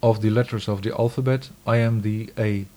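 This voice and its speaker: A man with a fairly low voice reads scripture aloud. His delivery is measured and solemn, declaiming each line with steady weight.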